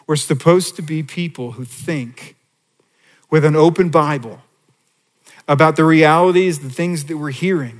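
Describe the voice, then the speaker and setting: A man preaching a sermon in a church sanctuary, in a conversational and animated style full of rhetorical questions. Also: on the high side. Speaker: pastor. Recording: long reverb of a church hall.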